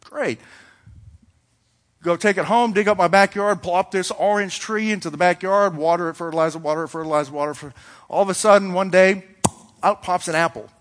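A man with a fairly high voice preaches a sermon as if chatting with friends. He tells a homely story and slips into little acted dialogues as he goes. His voice rings out with a long echo of a hall. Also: brisk, fairly bright tone. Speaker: pastor.

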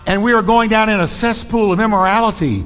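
A man's voice: high-pitched, fast talker, fairly bright tone. A man, preaching a bold, emphatic sermon as pastor and shifting his pace between lines. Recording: long reverb of a large hall.

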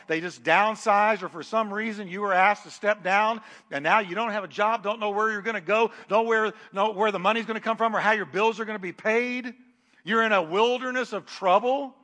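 A male preacher with a high, ringing voice delivers a sermon with strong emphasis. He swings from booming declarations down to hushed asides, and his voice carries a long reverb through a large hall. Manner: emphatic, shifts between loud declarations and quiet asides.

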